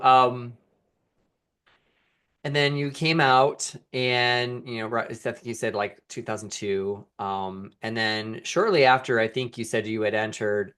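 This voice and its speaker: A man's voice: mid-range voice, fairly bright tone, clean tone. Man hosting, recapping the guest. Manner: checks and recaps what the guest said. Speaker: podcast host. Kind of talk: casual interview.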